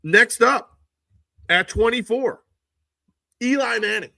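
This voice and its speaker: A man talking into a handheld phone on a live stream, with a bright, forceful tone. His voice jumps sharply upward whenever he gets indignant. The sound is dry and close, with no room around it. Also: takes it slowly, gravelly, no echo. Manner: exasperated ranting, rises sharply in pitch when indignant. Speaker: livestream host. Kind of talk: casual live-stream commentary.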